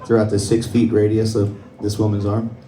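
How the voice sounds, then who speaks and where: Heard from a distant mic in a roomy club, a young comic tells stories conversationally during his stand-up set, laughing at his own jokes. His voice is lowish, monotone and dark, at a moderate pace, with a little hiss or hum.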